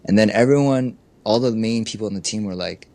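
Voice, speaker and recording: A man's voice: on the low side, fairly quick, darkish tone. A middle-aged man, a life coach, telling candid stories in an interview, acting out the people he quotes and saying "you know" often. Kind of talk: candid conversational storytelling.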